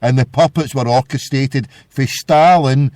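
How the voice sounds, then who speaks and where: A man's voice: mid-range voice, a little slow, a little mellow, no echo, clean studio sound. A Scottish man hosting a podcast, ranting in a combative, sweary, insistent way. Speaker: podcast host. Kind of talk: casual podcast rant.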